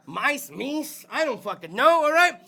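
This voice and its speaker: High, bright, gravelly rowdy man. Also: big pitch swings, unhurried. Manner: rowdy, profane, bursts into shouts. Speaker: podcast host. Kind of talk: loose comedic chat.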